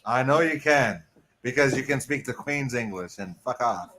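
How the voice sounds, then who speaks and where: A man's voice: mid-range voice, animated, moderate pace, bright, forceful tone. An American man, a guest in a casual chat, bantering, teasing and swearing freely. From United States. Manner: banters and teases, swears freely, says "absolutely" often.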